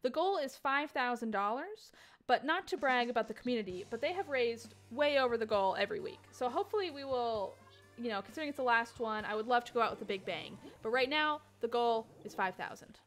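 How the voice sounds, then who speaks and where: A woman's voice: a little high, lively intonation, a little fast, a bit bright. Bubbly woman hosting a game stream. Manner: bubbly, swears casually, reads out donations. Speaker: stream host. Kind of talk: casual chat while gaming.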